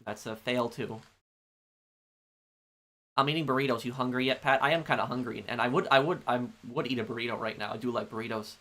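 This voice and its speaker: A man streaming a game chats casually with his viewers and answers their questions, rambling and halting with plenty of ums and restarts. His voice is medium-pitched with a sharp tone.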